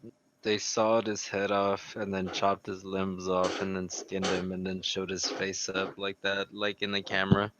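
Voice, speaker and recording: A man from Mexico in a casual podcast chat, halting and filler-heavy. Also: sits low, level tone, muffled recording, background noise. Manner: mumbling, halting, says "like" and "dude" a lot.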